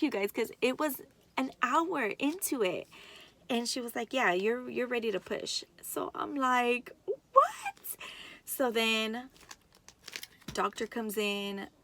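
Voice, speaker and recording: Chatty young woman with a gravelly edge. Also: medium pitch. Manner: chatty, excited, keeps addressing viewers directly. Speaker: vlogger. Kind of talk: casual storytelling to camera.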